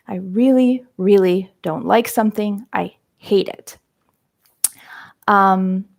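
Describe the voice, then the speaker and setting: A woman teaching English vocabulary in a live-streamed lesson, explaining terms step by step. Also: mid-range voice. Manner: slow, explains terms step by step, frequent "um" and "right?".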